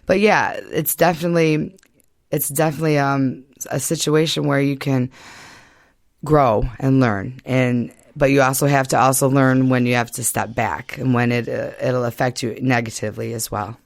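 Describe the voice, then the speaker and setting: A chatty woman from Michigan talks easily as a podcast guest, scattering fillers and laughing often. Her voice has a gravelly fry at the edges, and the sound is close and dry with no room around it. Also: rumbling low, fairly even intonation, moderate pace, no echo. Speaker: guest in early recovery. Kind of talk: casual podcast chat.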